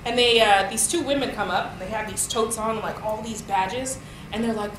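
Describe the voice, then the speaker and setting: Animated woman storyteller in echoey hall. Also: fairly high pitch, moderate pace. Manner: animated storyteller, acts out quotes, laughs often. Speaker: poet giving a lecture. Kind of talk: storytelling talk. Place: lecture hall. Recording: echoey hall with room noise.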